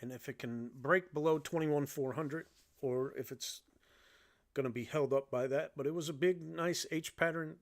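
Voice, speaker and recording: A man's voice: fairly high pitch, normal speed. A man from Illinois hosting a trading livestream, giving loose, joking live commentary. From Illinois, United States.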